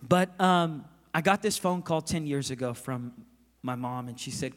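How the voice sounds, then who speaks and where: A man's voice: a little high, measured pace. Impassioned preacher man in a ringing hall. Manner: impassioned storytelling, swinging between loud and hushed. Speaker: guest pastor. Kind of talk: sermon. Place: large church auditorium. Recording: long reverb of a large hall.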